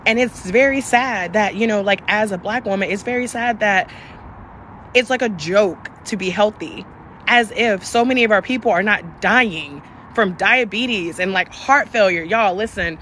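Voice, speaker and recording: A woman's voice: medium pitch, moderate pace, slight background noise. A young woman hosting a live stream, talking candidly and passionately with plenty of profanity. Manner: candid and profane, emphatic, shifts between passion and softness. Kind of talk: casual live-stream talk.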